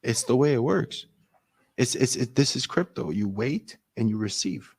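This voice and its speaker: A man's voice: mid-range voice, expressive, moderate pace, darkish tone, slightly rough. Man, casual chat, profane, ranting, blunt.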